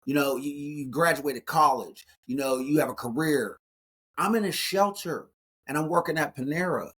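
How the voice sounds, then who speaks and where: A man in his forties, a guest speaker in an interview, telling his life story in an animated way and acting out the dialogue. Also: a little high, moderate pace, slightly rough. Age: 40s.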